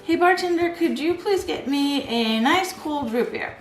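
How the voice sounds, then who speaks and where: A woman's voice: high voice, lively intonation, unhurried, voice pushed up. A woman voicing a thirsty male string politely asking for a drink, in a slightly raised voice. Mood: eager. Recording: echoey room, faint background music.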